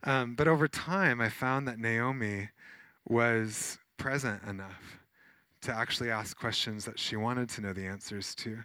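A man, a pastor, preaching a sermon in a conversational, animated way with many fillers as he tells personal stories. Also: medium pitch, measured pace, clean tone, no echo.

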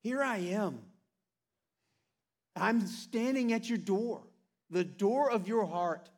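High-voiced man preaching a sermon. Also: slow pace. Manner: earnest, animated preaching with playful asides. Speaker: pastor. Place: church sanctuary.

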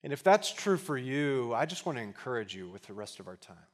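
A man preaching a sermon as pastor, conversational and emphatic with touches of humor, at times dropping into quiet, earnest appeals. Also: medium pitch, sing-song, a little fast.

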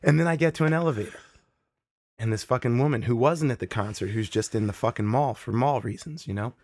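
Profane, animated man telling a story. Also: mid-range voice, quick pace, dry recording, clean studio sound. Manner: profane, animated, acts out the people in his stories. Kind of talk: casual storytelling.

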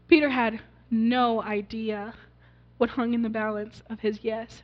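A woman pastor preaches earnestly, telling the story and pulling the congregation in with questions. Her voice sits high. The recording is dull and muffled, with a long reverb from a church sanctuary. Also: level tone, unhurried. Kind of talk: sermon.

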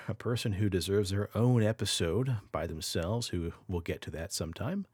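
A man hosting a paranormal podcast, telling a creature story in a lively way with casual asides. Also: mid-range voice, creaky, husky, no room sound, clean studio sound. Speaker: podcast host.

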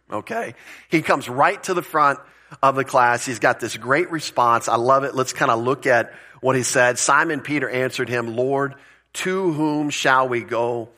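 A man's voice: mid-range voice, sharp tone. A male pastor giving a conversational sermon, explaining word meanings and asking rhetorical questions, with the odd chuckle.

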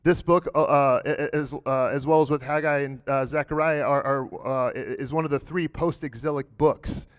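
A man's voice: medium pitch, steady tone, moderate pace, hardly any pauses, clean tone. A man preaching a sermon in a church, earnest and direct, often restarting and repeating words as he builds a point. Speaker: pastor.

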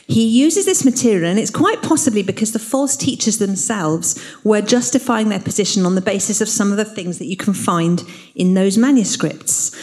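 A woman's voice: medium pitch, mellow. A woman teaching the Bible in an earnest, explanatory way. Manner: earnest, explanatory, reads scripture aloud.

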